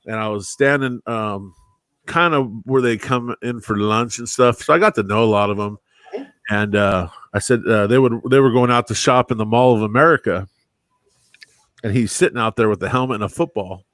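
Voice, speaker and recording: A man chatting on a live stream, trading relaxed stories and laughing along the way. His pitch sits in a middle range and the sound is close and dry. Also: dry recording. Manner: laid-back, laughs often, says bro and dude. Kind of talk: casual storytelling chat.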